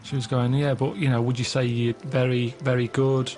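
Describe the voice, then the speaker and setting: A man co-hosting a comedy radio show, telling rambling stories in a deadpan way. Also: medium pitch, normal speed, soft background music. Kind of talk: casual comedic radio chat. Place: radio studio.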